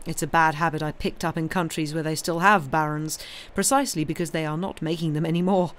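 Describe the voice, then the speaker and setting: On a livestream, a woman reads a novel aloud, voicing a wealthy nobleman with cool, polished irony. Her low voice is natural and steady, brisk in pace, and comes across smooth and coldly ironic.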